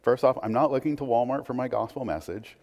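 A man's voice: mid-range voice, fast talker, highs cut off. A man preaches in a church, moving between a plain conversational tone and bursts of emphasis. His voice rings with a long hall reverb. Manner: conversational preaching with asides and restarts. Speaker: pastor. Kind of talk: sermon.

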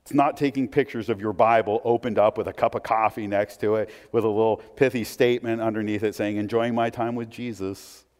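A man's voice: fairly low pitch, steady tone, brisk, hardly any pauses, a little mellow. A man preaching a sermon in a conversational way, with asides and restarts. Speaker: pastor. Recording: long hall reverb.

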